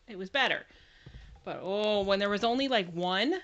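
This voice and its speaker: A woman's voice: mid-range voice, moderate pace, a bit bright, lo-fi sound. A woman from Canada co-hosting a casual livestream, chatting and explaining things. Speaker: co-host.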